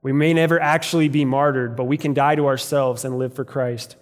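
A man's voice: medium pitch, fairly even intonation, a little fast, big-room sound. A man preaching a sermon in a church, telling stories in a conversational way. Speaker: pastor. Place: church sanctuary.

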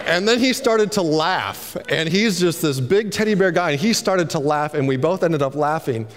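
A man's voice: fairly high pitch, animated, normal speed, few pauses, long reverb tail. A man preaching a sermon, telling stories and acting out the lines of the people he quotes. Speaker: pastor.

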